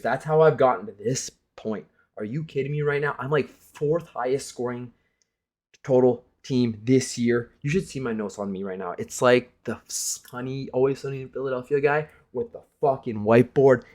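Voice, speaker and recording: A man's voice: mid-range voice, normal speed. Young guy running his fantasy league, roasting himself, swearing a lot, just chatting the recap. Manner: self-mocking, animated, swears freely. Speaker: fantasy hockey league commissioner. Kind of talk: casual league recap monologue.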